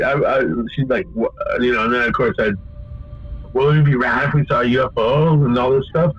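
Man, casual storyteller, rambling and profane, mid pitch, dull lo-fi recording with faint music. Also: a little fast, breathy edge. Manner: profane, rambling, animated when quoting. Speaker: guest telling a story.

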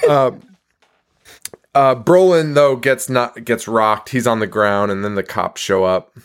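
A man's voice: medium pitch, huge pitch swings, slow. A man co-hosting a podcast, recapping a movie in casual, profane chat and laughing as he acts out quotes. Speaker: podcast co-host.

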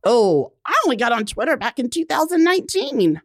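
A woman around forty, a guest on a casual radio interview, telling stories with lively acted-out quotes. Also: fairly high pitch, brisk, dry recording, studio quality. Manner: animated storyteller, acts out quotes. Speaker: guest, blogger.

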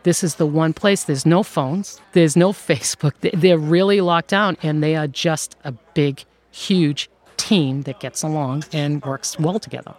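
A woman who runs an outsourcing firm, telling stories in an interview in a lively way and laughing often. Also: low voice, measured pace, hardly any pauses. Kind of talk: conversational interview storytelling.

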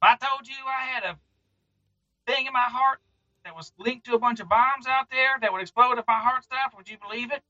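A man voicing a paranoid, hot-tempered hermit who yells and rants wildly. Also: extremely high pitch, a little fast, dry recording, dull audio, voice pushed up, heavily acted. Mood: sly. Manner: yelling, twangy, wild.

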